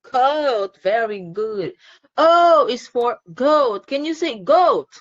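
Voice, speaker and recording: A woman's voice: high-pitched, animated, takes it slowly, dull audio. A woman teaching an online phonics lesson to a child, cheerful and encouraging, laughing often.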